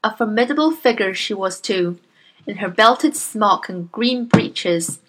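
Woman, storybook narrator, expressive reading, lively pitch, bright tone. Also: unhurried, poor audio.

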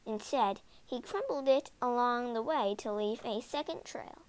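Woman reading a kids story out loud, high lively voice, slow and dramatic. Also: smooth. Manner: animated, dramatic. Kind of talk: expressive storybook read-aloud.

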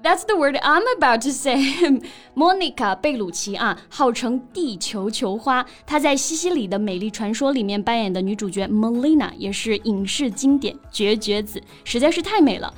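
A woman co-hosting a casual bilingual English lesson, lively and laughing often, switching between English and Mandarin. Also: on the high side, moderate pace, faint music behind. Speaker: co-host teaching English.

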